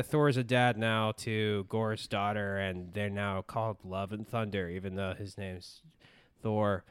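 A man's voice: lowish voice, clear, resonant tone, dry recording. A man co-hosting a casual movie review chat, exasperated and profane, breaking into laughs. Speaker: movie review podcast co-host.

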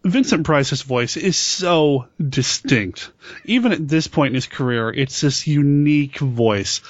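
A man's voice: fairly high pitch, lively intonation, no room sound. Friendly man interviewing, dry lo-fi sound. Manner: friendly, questioning, quick to laugh. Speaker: podcast host, interviewer. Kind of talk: casual podcast chat.

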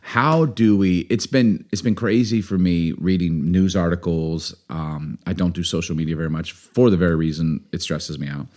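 A man with a very low voice hosts a podcast with his wife. He talks in a loose, rambling way and slips in small jokes. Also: normal speed, few pauses. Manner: relaxed, rambling, joking. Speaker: podcast co-host. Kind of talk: casual podcast chat.

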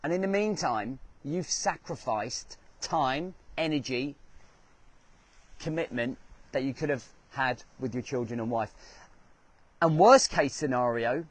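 A man hosting a motivational talk, his voice sitting a little high for a man. He speaks earnestly and drives his points home by repeating key phrases. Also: animated, measured pace, pauses often, dry recording. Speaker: host.

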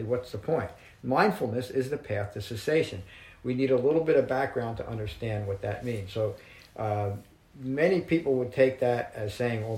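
A man teaching Buddhist texts to a small group, reading verses slowly and explaining them in a measured, reflective way. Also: mid-range voice, vocal fry, a little mellow, echoey room, poor audio. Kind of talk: dharma talk to a small group.

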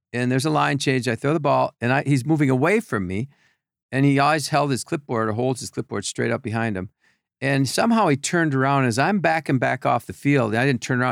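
Gravelly older man telling long stories. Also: medium pitch, a bit bright, no echo, studio quality. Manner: rambling anecdotes with repeated restarts. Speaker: podcast guest. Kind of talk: casual storytelling.

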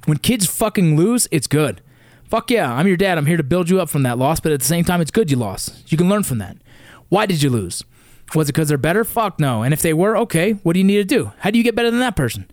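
A man's voice: on the high side, big pitch swings, quick pace, darkish tone, no echo, studio quality. A man in his thirties from the San Fernando Valley, a father giving a blunt, intense, profane motivational rant that hammers points home through repetition. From San Fernando Valley, California. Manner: blunt and intense, heavy swearing, repeats for emphasis. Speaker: father of young athletes.

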